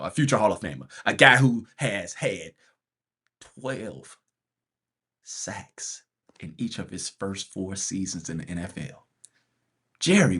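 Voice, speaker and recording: A man hosts a casual sports rant, his pitch swinging widely as he goes from exasperation to laughter. His voice is husky and his speech slangy and loose. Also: pushed and bright. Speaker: podcast host.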